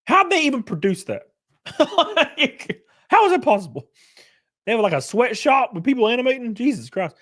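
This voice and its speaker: Animated, swearing man in his thirties. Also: very high voice, normal speed. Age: 30s. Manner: loud, profane ranting with laughter. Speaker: livestream host. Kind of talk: casual livestream chat.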